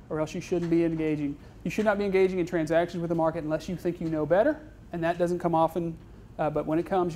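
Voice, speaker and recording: A man's voice: high voice, a little mellow, a little hiss or hum. A man giving an informal university lecture on investing, chatty and self-deprecating, tagging his points with "right?" and "okay?". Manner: self-deprecating, joking asides. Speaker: guest speaker on investing.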